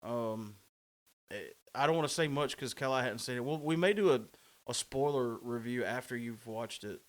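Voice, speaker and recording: A man's voice: mid-range voice, normal speed. A man hosting a podcast in casual chat, telling a story with laughs and self-mocking humor. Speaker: podcast host.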